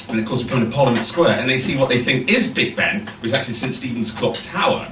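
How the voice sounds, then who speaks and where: A male stand-up comedian doing crowd work, teasing audience members with quick questions between jokes. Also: mid-range voice, animated, background noise. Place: comedy club stage. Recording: echoey distant live club recording.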